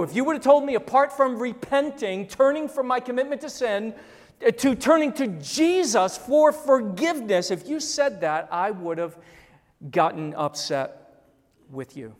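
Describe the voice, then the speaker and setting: Preacher, fifties, slow delivery, emphatic repetition, hushed key words, long hall echo. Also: mid-range voice, animated. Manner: emphatic, repeats phrases, drops to a hush on key words. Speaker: pastor. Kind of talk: sermon.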